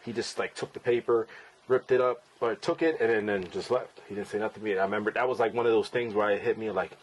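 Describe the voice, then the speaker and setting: Casting note: man in his forties, fairly deep voice, casual blunt podcast storyteller who swears freely. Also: fairly even intonation, fast, rough recording. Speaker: podcast host and father. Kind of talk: candid personal storytelling.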